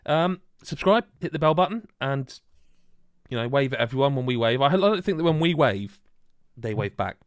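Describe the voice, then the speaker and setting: A man's voice: medium pitch, lively intonation, moderate pace, clear, resonant tone, no echo, clean studio sound. A man hosting a casual gaming podcast, rambling and joking with lots of restarts. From Wales. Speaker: podcast host. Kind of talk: casual chat.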